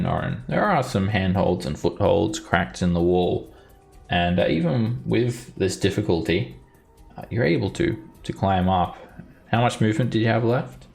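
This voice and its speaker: A man's voice: fairly low pitch, gravelly, darkish tone. A man running a tabletop game as dungeon master, narrating easily with chuckles and fillers.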